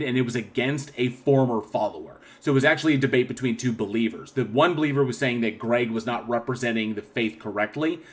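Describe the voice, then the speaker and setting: A man hosting a casual livestream, reading chat comments aloud and rambling with frequent throat clearing and restarts. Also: mid-range voice. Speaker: channel host.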